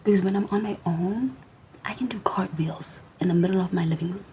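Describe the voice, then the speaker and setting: A woman's voice: medium pitch, brisk, dark tone, a little hiss or hum, low-quality recording. A young adult woman vlogger ranting in a sassy, mostly whispered voice to her camera.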